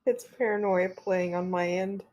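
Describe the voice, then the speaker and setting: A woman's voice: lowish voice, fairly even intonation, moderate pace, a little mellow, muffled recording. Hesitant woman player. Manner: hesitant, wary, murmurs agreement. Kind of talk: casual tabletop game chat.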